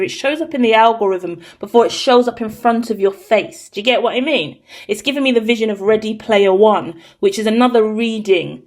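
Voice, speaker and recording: A woman giving a collective tarot reading, talking in an excitable, rambling, cheeky way. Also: mid-range voice. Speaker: tarot reader.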